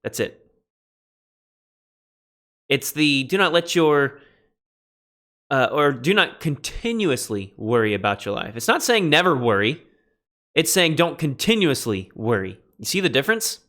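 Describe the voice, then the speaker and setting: A man's voice: medium pitch, very animated, unhurried, pauses often, a bit bright. A man teaching a biblical Greek class in a casual lecture, thinking aloud and correcting himself as he stresses key phrases.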